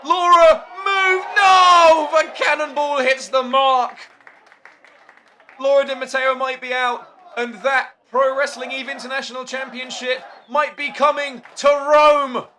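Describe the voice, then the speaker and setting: A man calling a wrestling match play by play, excitable and shouting at the big moves. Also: extremely high pitch, unhurried, some chatter behind, slight background noise. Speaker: wrestling commentator. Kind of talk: play-by-play commentary.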